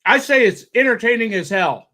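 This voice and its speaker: Upbeat high-voiced podcast host. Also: male voice, moderate pace. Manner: upbeat and excitable, repeats himself. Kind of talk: casual chat.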